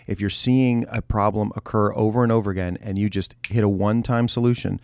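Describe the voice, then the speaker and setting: Male pastor co-host, lower register, relaxed explainer, dry close-mic sound. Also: a little fast, smooth, dry recording. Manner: relaxed, talks in long explanatory runs with restarts and jokey asides. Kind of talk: casual podcast chat, explaining leadership ideas.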